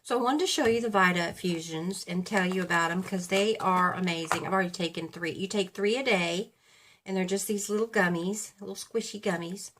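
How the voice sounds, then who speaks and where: A little hiss or hum accompanies this woman's lowish, fairly bright voice, which moves a bit fast. She's in her fifties, a beauty vlogger casually chatting while she gets ready at home, rambling and self-correcting as she goes.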